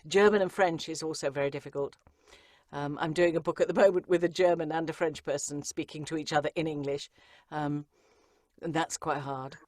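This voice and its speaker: A woman audiobook narrator answering interview questions in a chatty, lively way, with frequent ums and asides. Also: low voice, a little fast, no room sound, clean studio sound.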